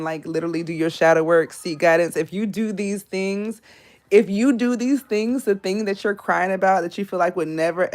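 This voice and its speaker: Woman, 30s, blunt live tarot reader with a lower voice, rambling chat that jumps up in pitch. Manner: blunt, animated, laughing asides.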